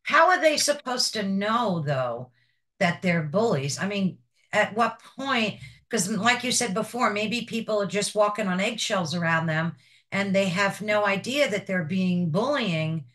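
A woman's voice: medium pitch, animated, measured pace, fairly bright tone. A woman hosting an interview, asking engaged follow-up questions. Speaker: interview host. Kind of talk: conversational interview.

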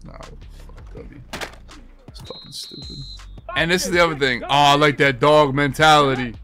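A man's voice: a little high, normal speed, sharp tone. Profane ranting man over game music. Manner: profane, ranting, talks to himself. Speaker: gaming streamer. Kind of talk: casual gameplay commentary. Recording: music playing behind.

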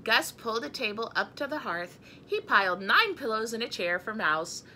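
A woman's voice: on the high side, big pitch swings, normal speed, bright, forceful tone, a little hiss or hum. A woman reading a picture book aloud in a chatty manner. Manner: chatty, breaks off to talk to her cat and laugh. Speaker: storybook reader.

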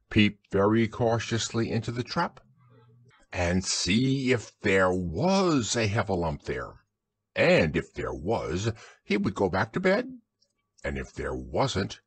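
Slow, husky-voiced storyteller man. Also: fairly low pitch, no room sound. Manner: soothing, expressive storytelling. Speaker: narrator. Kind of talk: bedtime audiobook narration.

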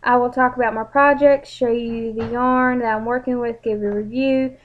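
A woman's voice: on the high side, steady tone, moderate pace. A young woman, chatting casually and a bit rambling as she introduces her channel. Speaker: vlogger. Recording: dull lo-fi home recording.

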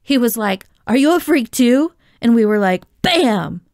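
A woman doing a wide-eyed, excitable boy. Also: on the high side, measured pace, no echo, clean studio sound. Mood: amazed.

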